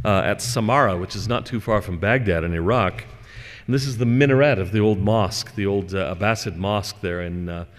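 A man giving a religious lecture to an audience in a hall, reading scripture and chatting through digressions with fillers. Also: on the low side. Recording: long hall reverb.

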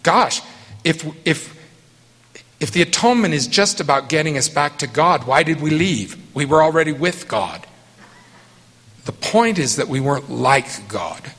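A middle-aged man speaking slowly and emphatically, leaning on single words as he answers questions after a talk. His voice has a husky edge. The sound carries a long hall reverb. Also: a little high, lively intonation, a bit bright. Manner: earnest and emphatic, slow deliberate phrasing.

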